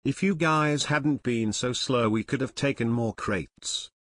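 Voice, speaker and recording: A man's voice: medium pitch, measured pace, fairly bright tone, no room sound. A man reading an audiobook, voicing a bald, quarrelsome thug in his thirties who grumbles defensively.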